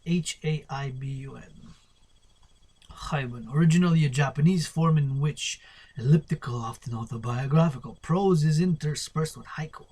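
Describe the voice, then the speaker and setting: A man's voice: a little high, normal speed, darkish tone, breathy edge. A man reading a poetry glossary aloud, spelling out terms and improvising experimental poems, playful and drifting into murmurs. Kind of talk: solo spoken-word poetry lesson.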